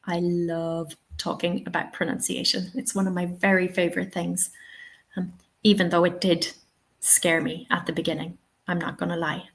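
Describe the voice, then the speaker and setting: A woman's voice: on the low side, little pitch movement, normal speed, vocal fry, low-quality recording. Chatty Irish woman teaching pronunciation. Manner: chatty, upbeat, answers chat questions. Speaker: TEFL webinar trainer. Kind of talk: live webinar Q&A.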